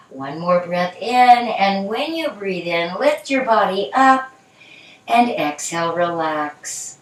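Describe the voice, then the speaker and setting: A middle-aged woman guiding a children's yoga class in a gentle, encouraging, playful way. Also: medium pitch, lively intonation, takes it slowly. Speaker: yoga instructor. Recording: echoey room, from a distance.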